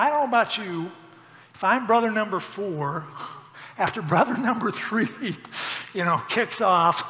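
A man's voice: high voice, sharp tone, big-room sound. A middle-aged man preaching a sermon as pastor, with folksy joking asides.

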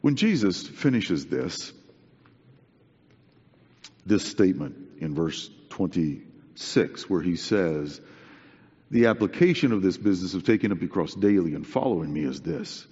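This male preacher has a deep, slightly mellow voice with a breathy edge and lively intonation, speaking a little slowly and leaving long pauses. He preaches earnestly and conversationally, repeating points for emphasis. The recording is dull and echoes with long hall reverb.

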